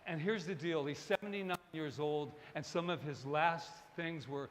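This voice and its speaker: Male pastor, sermon delivery, animated and chatty, slightly high voice, faint room ambience behind. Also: normal speed, long reverb tail, slight background noise. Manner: animated, digressive, joking asides with the congregation. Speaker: minister. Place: church service hall.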